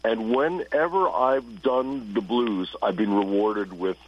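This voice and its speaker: A man's voice: fairly low pitch, slow pace, lo-fi sound, slight background noise. A man, a blues musician and radio broadcaster, telling stories in a casual interview and acting out the people he quotes. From Toronto, Canada. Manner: animated storyteller who acts out quotes.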